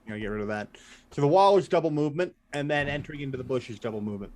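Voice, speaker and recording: A man acting as game master, chatting casually and thinking aloud while fiddling with game software. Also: medium pitch, animated, racing. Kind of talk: running a tabletop game online.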